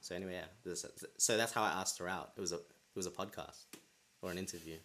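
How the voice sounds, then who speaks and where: A man's voice: deep voice, steady tone, fast, sharp tone, slight background noise. A young man hosting a podcast, telling a personal story in a rambling way with many restarts. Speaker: podcast host. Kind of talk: casual chat.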